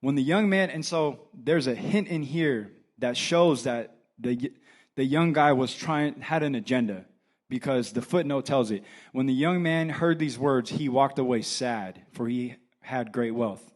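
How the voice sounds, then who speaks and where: A young man, an assistant pastor, preaching a casual sermon, telling the story with animated acted-out dialogue. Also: mid-range voice, measured pace.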